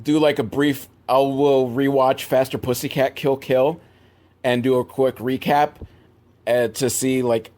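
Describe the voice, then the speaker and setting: A young man recapping a film for laughs, in a mid-range voice that suddenly leaps up when he gets worked up. He rambles, doubles back and drops sarcastic asides. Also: darkish tone. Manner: rambling, sarcastic, big swings in pitch. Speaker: movie reviewer.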